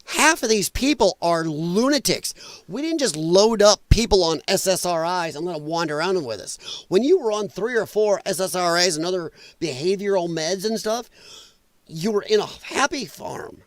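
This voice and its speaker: A man's voice: sits high, animated, normal speed, no room sound. A man hosting a podcast, delivering a heated, profane political rant in an emphatic, exasperated way. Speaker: podcast host.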